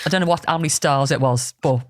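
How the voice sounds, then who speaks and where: A woman's voice: sits low, fast talker, no echo, clean studio sound. A woman, chatting casually as a podcast host and retelling a film plot with plenty of swearing. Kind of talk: casual storytelling chat. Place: podcast studio.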